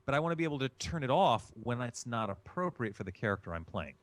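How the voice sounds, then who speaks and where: A man's voice: medium pitch, very animated, quick pace. A man from Chicago, a guest in an interview, explaining voice acting in an emphatic way and repeating his key phrases. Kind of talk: instructive interview answers.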